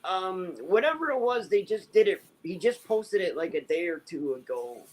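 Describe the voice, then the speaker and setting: A man's voice: sits high, expressive, normal speed, low-quality recording. A man chatting casually in a group, rambling with many fillers and restarts. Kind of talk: casual chat.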